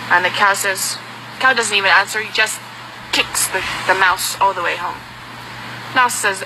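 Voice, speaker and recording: Woman storyteller, mid-pitched, lively fable delivery, street noise behind. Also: moderate pace, long pauses. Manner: lively storytelling, slips into character voices. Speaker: storyteller interviewee. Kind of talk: telling a folk tale.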